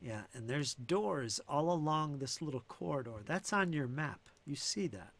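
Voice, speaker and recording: A man's voice: fairly high pitch, expressive, normal speed, creaky, a bit bright. A man running a tabletop game as game master, thinking aloud with fillers and restarts.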